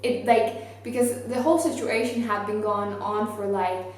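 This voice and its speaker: A woman's voice: mid-range voice, moderate pace. Young woman, earnest, very echoey. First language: not English. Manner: earnest, animated, many fillers like "like". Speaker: vlogger. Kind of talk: casual storytelling to camera. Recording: very echoey space with faint ambient noise.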